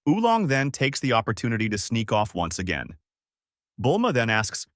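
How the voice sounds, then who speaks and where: A man's voice: medium pitch, big pitch swings, normal speed, a bit bright, dry recording, clean studio sound. Man narrating a fan story.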